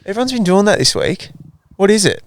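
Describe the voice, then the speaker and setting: A man's voice: high-pitched, big pitch swings, a little fast, noisy background. A young Australian man hosting a podcast, laid-back and laughing often, swearing casually in easy chat. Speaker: podcast host.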